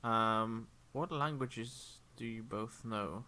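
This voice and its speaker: A man narrating as game master for a tabletop game stream, rambling with many ums and quick apologies. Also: medium pitch, bright, forceful tone. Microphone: headphones with a desk mic.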